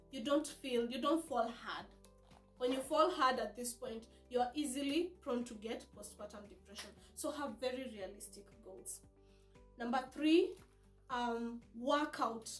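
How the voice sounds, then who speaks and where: A woman hosting a support group talk, giving earnest, direct advice to new mothers and coaxing them along with tag questions. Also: sits high. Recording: echoey room with faint music.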